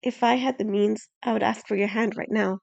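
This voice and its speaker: A woman voicing a humble young male farmer in an audiobook, speaking softly and sincerely. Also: medium pitch, steady tone, brisk, vocal fry, dry recording, highs cut off. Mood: tender.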